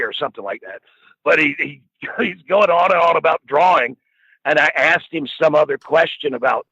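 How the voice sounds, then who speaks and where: A man's voice: fairly high pitch, moderate pace, vocal fry, bright, forceful tone, husky, no echo. A middle-aged man telling a rambling, profane anecdote in a casual way, often laughing as he goes. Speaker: storyteller guest. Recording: dull lo-fi dry recording.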